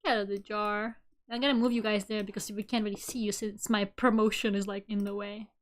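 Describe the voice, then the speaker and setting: A woman in her twenties chatting casually on a live stream, giggly and animated as she tells stories. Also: medium pitch, fast. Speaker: VTuber streamer.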